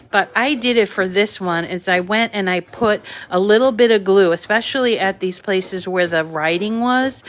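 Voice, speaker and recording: Woman, New England accent, craft channel host, casual live-stream talk to viewers, middle pitch. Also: a bit bright, a little hiss or hum. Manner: chatty, talks to viewers and reads their comments.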